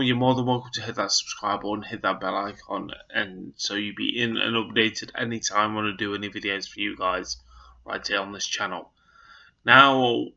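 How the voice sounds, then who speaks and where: A man talks to his viewers in a loose, rambling, earnest vlog style. His voice sits low but has a bright, forceful edge. The recording is dull and lo-fi. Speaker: vlogger. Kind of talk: casual chat to camera.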